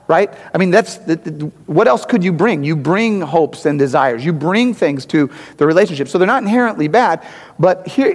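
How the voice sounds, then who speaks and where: A man preaching a sermon, telling a personal story in a conversational, animated way and often checking in with his listeners. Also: on the high side, big-room sound.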